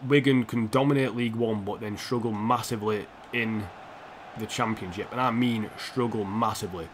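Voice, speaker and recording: A man's voice: on the low side, steady tone, normal speed, slight background noise. A young man live-streaming a football game, rambling and opinionated, swearing freely as he plays. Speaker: gaming streamer.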